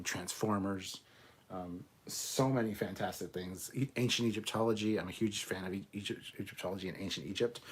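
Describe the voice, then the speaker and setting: A man's voice: sits low, breathy edge. A man hosting a live stream, drinking rum and reading viewer comments in casual chat, swearing freely as he rambles through stories. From Canada.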